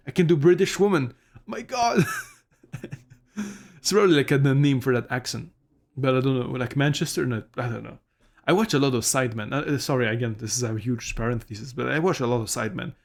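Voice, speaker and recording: A man streaming a game, giving excitable commentary, swearing often and laughing. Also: medium pitch. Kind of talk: let's-play commentary.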